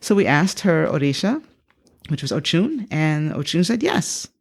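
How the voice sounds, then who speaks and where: A woman in her fifties tells her story to an interviewer, with a voice that swings widely in pitch. There is a gravelly edge underneath. She jumps into the voices of the people she quotes. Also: a little slow. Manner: animated, acts out quoted speech with big pitch jumps. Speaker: psychotherapist guest.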